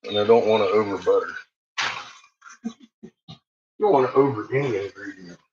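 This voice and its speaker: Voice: deep voice, normal speed, slight background noise. A home cook vlogging casually in a kitchen, laughing often, swearing freely and cooing at the pets while cooking. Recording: dull lo-fi audio with loud dogs and clicks.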